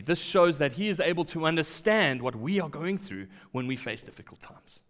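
A man preaching a sermon, acting out quoted lines and dropping to quiet asides. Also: medium pitch. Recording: long hall reverb.

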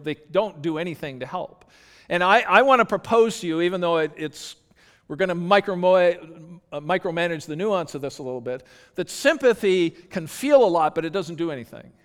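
A man's voice: sits high, clear, resonant tone. A man preaching a sermon as pastor, earnest and conversational, often restarting his sentences. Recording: long hall reverb.

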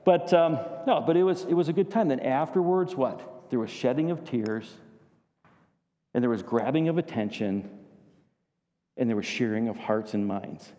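Man, pastor preaching, mellow voice, long hall reverb. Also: medium pitch, moderate pace. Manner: storytelling, addresses congregation with questions. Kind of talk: sermon.

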